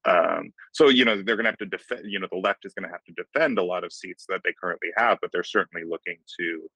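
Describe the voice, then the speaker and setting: A male magazine editor answering as a guest in an interview, halting with many restarts. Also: sits low, pushed and bright, dry recording, low-quality recording.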